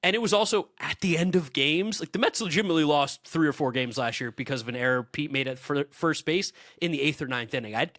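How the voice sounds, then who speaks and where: A man co-hosting a podcast in casual sports chat, animated and opinionated, laughing easily. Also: fairly high pitch, fast talker, few pauses, no echo, studio quality. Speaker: podcast co-host.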